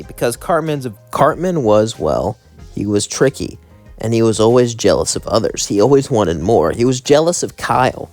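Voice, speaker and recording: A young man rambles through a fan story with casual asides. His pitch rises and falls a lot, and faint music plays behind him. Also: darkish tone, dry recording.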